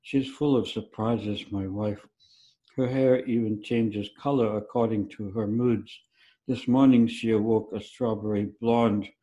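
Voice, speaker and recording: Mellow low-voiced man reading his story. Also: fairly even intonation, measured pace, poor audio. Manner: wry, conversational storytelling. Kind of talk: literary reading at a festival.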